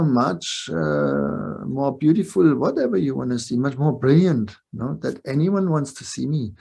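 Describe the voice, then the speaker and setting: An older man teaching a spiritual class over a video call, his voice gravelly with fry and a husky edge. He talks reflectively and keeps checking in with short questions. His pitch sits in an ordinary middle range. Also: big pitch swings, normal speed, hardly any pauses, dark tone. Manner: reflective, asks the listeners short tag questions. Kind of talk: webinar teaching talk. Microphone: video call mic.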